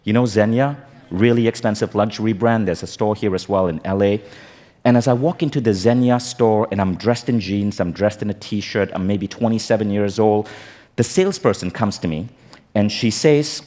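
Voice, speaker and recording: Keynote speaker, man, forties, low-ish voice, animated comic storyteller. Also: moderate pace. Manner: animated, comic, acts out quotes. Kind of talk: storytelling stage talk. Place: conference stage.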